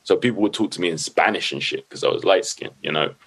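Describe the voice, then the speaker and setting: A middle-aged man, telling stories as a guest in a loose, animated way, swearing freely and leaning on "like" and "you know what I mean". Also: deep voice, quick pace, vocal fry, slightly rough. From London. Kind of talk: casual storytelling.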